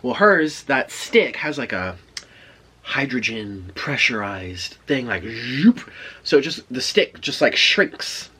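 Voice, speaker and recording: A man's voice: medium pitch, big pitch swings, slow, bright, forceful tone, breathy edge. A man vlogging, telling a chatty story in a casual way between bites of food. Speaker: mukbang vlogger. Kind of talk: casual storytelling while eating.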